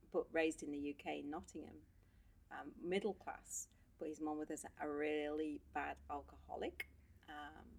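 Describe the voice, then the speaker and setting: A woman guest on a podcast, telling stories from her life in a casual, animated way. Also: deep voice, vocal fry, a little hiss or hum. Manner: animated storyteller, laughs often. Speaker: podcast guest, social worker. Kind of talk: casual storytelling chat.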